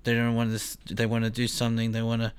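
A man co-hosting a casual radio chat. He talks haltingly, repeating words as he searches for them. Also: mid-range voice, monotone, smooth, dry recording. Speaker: radio co-host.

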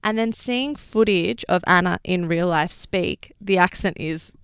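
A woman's voice: lowish voice, a little slow, smooth, no echo, studio quality. A woman co-hosting a podcast in casual chat, steering the talk with questions and short replies. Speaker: podcast co-host.

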